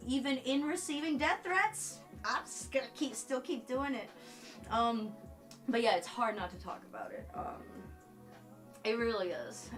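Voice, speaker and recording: A woman's voice: a little high, fairly bright tone. Emotional, chatty woman streamer. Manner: emotional, filler-heavy talk, swinging between tearful and giggly. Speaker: live streamer. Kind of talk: casual live-stream chat with viewers.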